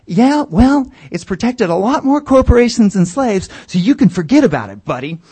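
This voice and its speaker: A man's voice: fairly high pitch, very animated, normal speed. A man doing a smug taunting corporate neighbor. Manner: taunting, calls people dude and buddy. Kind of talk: comic monologue.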